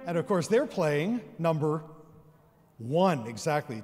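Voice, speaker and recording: Lively high-voiced man presenting in a theater. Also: slow pace, husky, soft background music. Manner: leads the audience in counting and singing rhythms. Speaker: concert presenter. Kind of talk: educational concert talk to an audience. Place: large theater with an orchestra. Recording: long reverb of a large theater hall.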